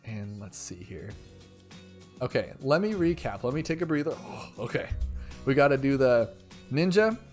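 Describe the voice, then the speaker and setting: Excitable rambling gaming YouTuber man. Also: mid-range voice, normal speed, soft background music. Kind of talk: rambling game commentary.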